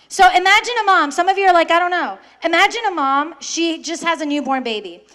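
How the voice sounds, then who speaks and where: A young adult woman speaking to high school students in a lively faith talk, asking them questions and acting out quoted voices.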